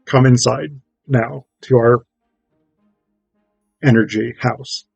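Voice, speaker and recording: A man's voice: medium pitch, fairly even intonation, slow pace, vocal fry, breathy edge, no room sound, lo-fi sound, soft background music, heavily acted. A man casually voicing a scolding disembodied alien parent in a casual, parental tone.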